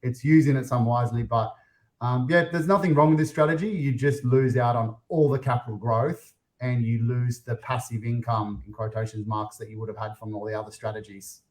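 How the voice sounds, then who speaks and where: Australian man, podcast host, chatty, mid-pitched voice, casual talk. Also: steady tone, fairly quick, darkish tone. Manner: chatty, acts out clients' voices. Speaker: podcast host, property investor.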